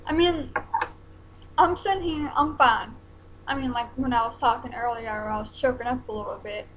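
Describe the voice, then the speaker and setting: A young woman, talking haltingly in a personal vlog while close to tears. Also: a little high, a little hiss or hum, poor audio. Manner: hesitant, halting, many ums and restarts.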